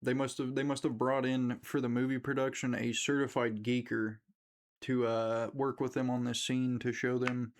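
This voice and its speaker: A man's voice: mid-range voice, flat delivery, normal speed. A man in a casual, profane rant about a movie, using lots of slang and swearing, and acting out the characters' lines as he retells them. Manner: slangy, swears constantly, acts out quotes. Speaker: movie reviewer.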